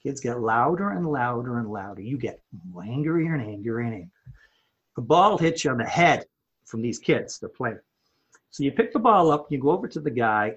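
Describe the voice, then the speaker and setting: A man who owns a home improvement company, telling a story in a podcast interview with animated delivery, often repeating words as he builds it up. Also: on the high side, breathy edge, muffled recording.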